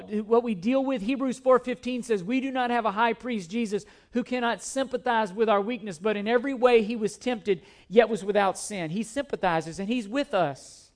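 High-voiced man preaching a sermon. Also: a little mellow. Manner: repetitive, emphatic preaching with scripture quotes. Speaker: pastor.

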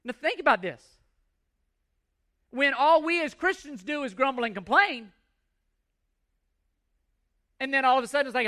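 Man, pastor, preaching a sermon, very high pitch, emphatic, repeats phrases. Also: animated, moderate pace, pauses often, bright, forceful tone.

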